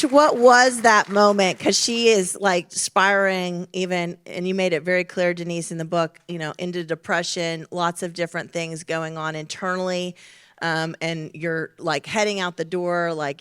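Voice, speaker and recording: A woman interviewing guests on a conference stage, asking energetic, prompting questions. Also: lowish voice, normal speed, smooth, no room sound, clean studio sound.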